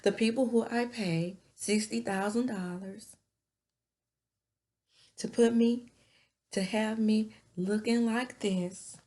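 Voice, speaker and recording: A woman's voice: mid-range voice, steady tone, takes it slowly, long pauses, dark tone, voice pushed up, lightly acted. Woman mimicking a haughty rich lady. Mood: indignant. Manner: indignant, boastful. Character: haughty rich woman defending her glam.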